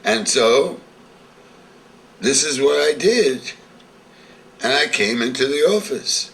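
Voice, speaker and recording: A man's voice: medium pitch, animated, takes it slowly, a bit bright, recorded from a distance, slight background noise. An older man telling a vivid story from his past, acting out the scenes as he recalls them. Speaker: interviewee. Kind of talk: storytelling reminiscence.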